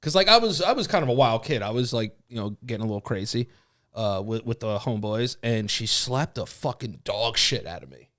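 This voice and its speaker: A young man co-hosting a podcast, telling stories in loud rowdy bursts and low mumbles. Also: expressive, brisk. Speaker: podcast co-host. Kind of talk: casual podcast banter.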